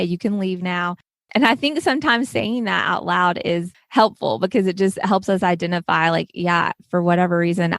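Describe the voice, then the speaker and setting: A woman's voice: on the low side, creaky, no echo. Chatty young woman hosting a podcast, dry sound. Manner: chatty, many "like" fillers, earnest. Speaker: podcast host. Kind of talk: casual faith conversation.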